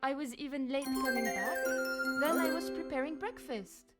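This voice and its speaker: An actress playing an anxious young maid who pleads and defends herself, in a game. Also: female voice, sits high, normal speed, over loud music, natural voice. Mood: defensive.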